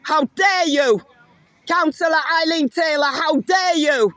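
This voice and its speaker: Impassioned high-voiced man confronting people. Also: measured pace, sharp tone. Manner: impassioned, accusing, repeats demands. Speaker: protester filming a confrontation. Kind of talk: live confrontation filmed on phone. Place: outdoor city park. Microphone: handheld phone camera.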